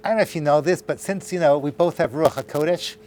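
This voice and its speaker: A man's voice: a little high, fast, darkish tone, slight background noise. A middle-aged man, a rabbi teaching a class, telling a long story with acted-out dialogue and joking asides to a live audience in a lecture hall.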